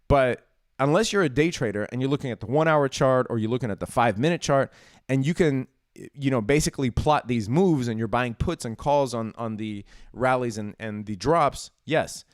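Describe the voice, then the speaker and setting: A man's voice: mid-range voice, moderate pace, no echo, clean studio sound. A man hosting a live-stream on the stock market, talking in an emphatic, casual way and often tossing in "dude" and "right?". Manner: emphatic, chatty, says "dude" and "right?" a lot.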